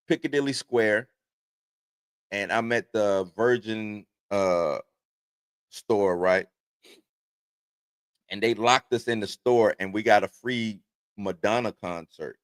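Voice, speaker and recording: A man's voice: medium pitch, a bit bright, no room sound. A man in his forties hosting a casual livestream, reading entertainment news aloud and then rambling off into his own stories. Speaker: host.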